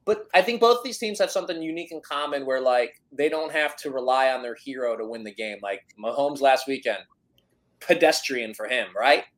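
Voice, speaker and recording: On a casual sports betting podcast, this co-host reasons his way through his picks at a fairly quick clip in a medium-pitched voice. He hedges constantly and fills his thoughtful, loose analysis with many "like"s.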